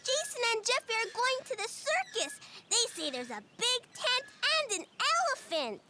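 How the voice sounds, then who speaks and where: An actress voicing an eager four-year-old cartoon boy with a high, childlike voice. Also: big pitch swings, normal speed, heavy background noise. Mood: excited. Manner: earnest, pleading when upset. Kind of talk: cartoon voice acting.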